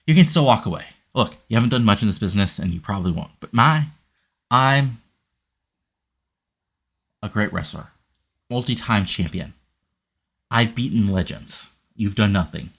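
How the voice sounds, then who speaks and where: A man voicing a threatening veteran male wrestler issuing a warning to a younger rival. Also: fairly low pitch. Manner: menacing, gruff.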